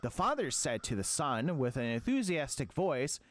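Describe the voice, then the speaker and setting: Animated man playing a joking dad. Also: a little high, moderate pace, no room sound. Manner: mock-parental, scolding and sing-song. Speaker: gaming streamer. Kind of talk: comic role-play as a dad.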